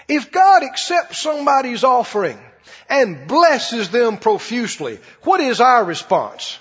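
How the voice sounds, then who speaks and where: A man's voice: extremely high pitch, big pitch swings, a little slow, a bit bright, slightly rough. A man preaching a sermon in a folksy, emphatic way, often putting questions to the audience. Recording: dull echoey hall broadcast.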